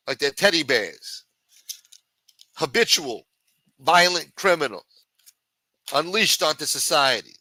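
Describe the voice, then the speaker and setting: A man's voice: on the high side, bright, forceful tone, no echo. A man ranting angrily and profanely as a podcast host. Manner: angry, profane, combative. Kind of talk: profane political rant.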